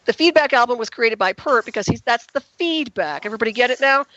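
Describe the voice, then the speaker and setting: Woman, rapid speech, slightly high voice, emphatic and indignant, radio interview guest, dull dry lo-fi sound. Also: fairly bright tone, no echo.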